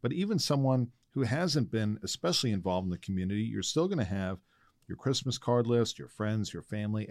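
A man hosting an interview, asking questions and explaining his own fundraising experience in a measured way. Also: lowish voice, darkish tone, dry recording, clean studio sound. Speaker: interview host.

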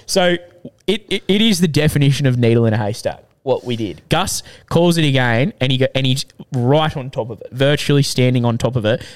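Australian bloke in his twenties, podcast co-host, mid-pitched, spins animated yarns full of swearing. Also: fairly quick. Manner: swears freely, animated anecdotes with acted quotes. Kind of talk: casual storytelling chat.

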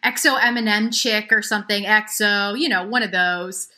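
A woman's voice: mid-range voice, moderate pace, bright, forceful tone. A woman in her thirties chatting casually as a podcast guest, rambling with many restarts. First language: English. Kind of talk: casual chat.

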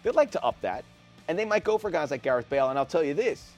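A man co-hosting a sports podcast, talking in a casual, animated and opinionated way. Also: a little high, fast talker, soft background music. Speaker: podcast co-host.

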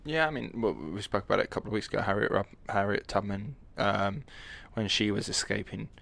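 A man co-hosting a casual podcast, reacting and chiming in with quick, blunt remarks. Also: on the low side, gravelly, a bit bright. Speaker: podcast co-host.

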